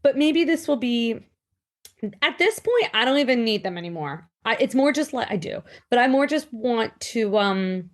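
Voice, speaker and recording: Animated New York woman in her thirties. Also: fairly high pitch, moderate pace. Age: 30s. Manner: animated, talks in bursts with restarts and quoted asides. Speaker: guest. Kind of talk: casual podcast interview.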